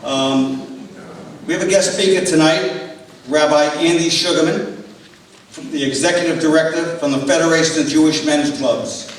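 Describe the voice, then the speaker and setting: A man emcees a community dinner, making casual announcements with jokes. He sits a bit high for a man's voice, and he is far from the mic in a booming hall with clear room noise. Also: moderate pace. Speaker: event emcee.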